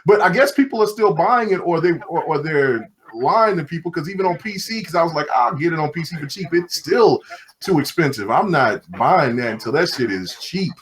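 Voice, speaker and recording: Animated man chatting about games. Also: normal speed. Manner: animated, swings pitch up and down, laughs a lot, slangy. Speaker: podcast co-host. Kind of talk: casual gaming chat.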